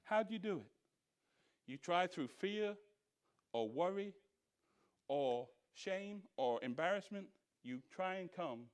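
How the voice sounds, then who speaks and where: A man teaching a Bible study as pastor, animated, asking rhetorical questions and mimicking other voices. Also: high-pitched, clean tone. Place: church.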